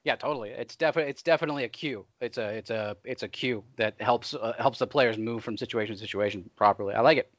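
Animated man, emphatic podcast co-host. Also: mid-range voice, no echo. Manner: animated and emphatic, quick to agree. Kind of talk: casual chat. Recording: dull dry recording.

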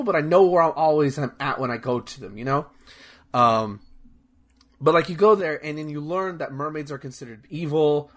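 Young male host, casual chat, a bit high-pitched, rambly and excited, swears freely. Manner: rambling, enthusiastic, profane, many fillers and restarts.

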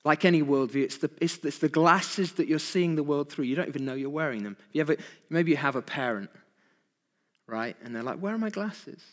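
A man's voice: a little high, brisk, big-room sound. A man preaching an evening sermon, asking his congregation rhetorical questions with emphasis. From Britain.

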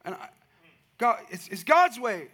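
A man preaching a sermon, telling a lively personal story and building to emphatic, rising points. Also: very high voice, a little slow, husky. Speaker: pastor.

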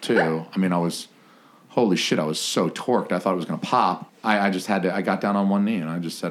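A man's voice: deep voice, brisk. A man hosting a podcast, joking crudely with guests, swearing and laughing a lot. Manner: loud, profane, laughing often. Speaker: podcast host. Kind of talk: crude comedic banter.

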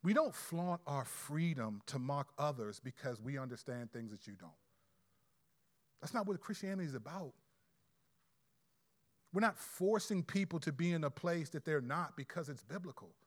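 A man preaching a sermon in a conversational, animated way with quick asides. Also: on the high side. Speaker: pastor.

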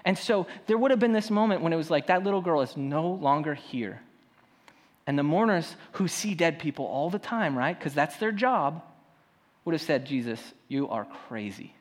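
Pastor preaching in a reverberant hall. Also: male voice, on the high side, expressive, moderate pace. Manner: passionate, swings between loud emphasis and soft asides. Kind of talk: sermon.

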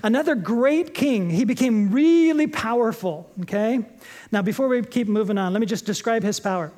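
A man's voice: high voice, moderate pace. A man preaching a sermon as pastor, emphatic and jokey, repeating his short points. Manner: lively, jokey storytelling preacher.

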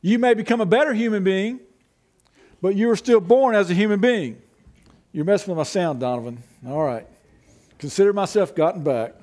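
Guy with a really high voice giving a sermon, chatty, asks the crowd questions and ribs them. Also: normal speed, a little mellow. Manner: conversational, rhetorical questions, teasing the congregation. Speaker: pastor.

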